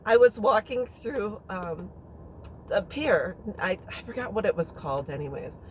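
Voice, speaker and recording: A woman's voice: mid-range voice, expressive, measured pace, slight background noise, low-quality recording. A woman telling a personal story in a casual, rambling and frank way. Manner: chatty, rambling, frank with mild swearing. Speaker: vlogger.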